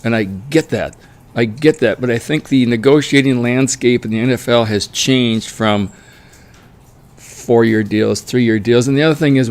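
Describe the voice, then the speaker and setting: A middle-aged man giving his casual, opinionated take in a solo monologue. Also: medium pitch. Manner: opinionated, mocks players in whiny quoted voices. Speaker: sports commentary vlogger.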